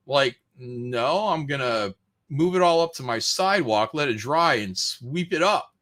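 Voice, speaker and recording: A man rants on a podcast, swearing freely and mimicking the people he complains about. His voice sits a bit high and bright, with a sharp edge, and his pitch swings widely from line to line. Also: expressive, normal speed. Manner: profane, ranting, mocking voices. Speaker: podcast host. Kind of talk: casual rant on a podcast.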